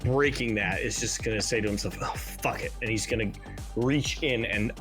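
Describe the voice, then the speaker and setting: A man playing a tabletop game, describing what his character does in an animated way. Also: fairly low pitch, normal speed, music in the background. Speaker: player.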